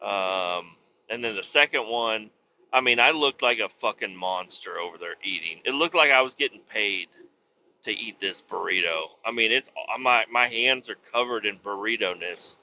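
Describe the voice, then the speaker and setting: A man with kids, hosting a podcast, telling a story in a casual, profane monologue that breaks into loud exclamations. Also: fairly low pitch, moderate pace, highs cut off, slight background noise. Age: adult with kids. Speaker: podcast host.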